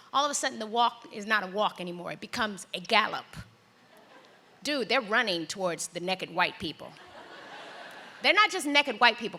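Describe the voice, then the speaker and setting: A middle-aged woman telling a personal story on stage in a large hall, acting out the voices with big jumps in pitch. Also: bright, forceful tone, slight background noise. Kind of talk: live storytelling performance.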